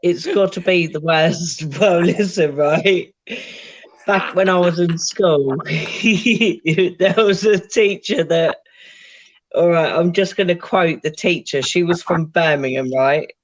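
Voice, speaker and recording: A woman's voice: on the low side, slow pace, rough recording. A British woman co-hosting a stream, laughing and swearing as she tells school stories. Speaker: streamer, co-host. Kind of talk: casual chat.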